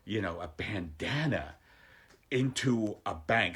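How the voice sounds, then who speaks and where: A man's voice: on the low side, animated, takes it slowly, fairly bright tone. A male comedian rambling through a casual livestream from home, self-mocking and jokey. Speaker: stand-up comedian hosting a livestream. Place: home, during lockdown.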